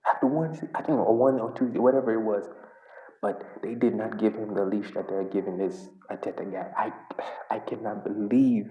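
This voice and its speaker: A man's voice: fairly low pitch, dull audio. A man from Uganda, a football fan vlogger, venting in an exasperated, repetitive reaction rant. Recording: echoey room.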